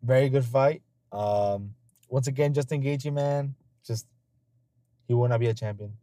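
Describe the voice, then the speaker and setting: In a dark, mid-range voice with a measured pace, a podcast host spins loose, profane stories and laughs a lot during a casual chat. The recording is dry.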